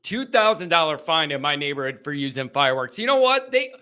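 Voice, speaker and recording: A man from the United States hosting a live call-in show, talking loudly in a joking, rambling way while nursing a sore bitten lip. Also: a little high, animated, brisk, clean tone. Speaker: show host. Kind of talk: casual live call-in rant.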